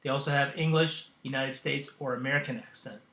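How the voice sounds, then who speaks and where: A man hosting a software tutorial, demonstrating as he goes and pausing often with ums and uhs. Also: medium pitch, fairly even intonation, reverberant. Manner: hesitant, with frequent ums and uhs. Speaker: tutorial host. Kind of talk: screen-recorded software tutorial.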